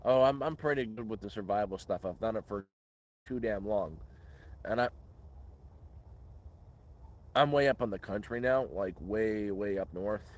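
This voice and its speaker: A man's voice: lowish voice, moderate pace, pauses often. A man hosting a casual live question-and-answer stream outdoors in the woods, rambling and restarting words. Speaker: livestream host.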